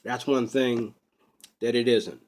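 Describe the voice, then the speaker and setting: A man talking to camera in a rambling personal vlog, unscripted and full of drawn-out ums. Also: medium pitch, fairly even intonation, darkish tone. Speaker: vlogger. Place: Pittsburgh.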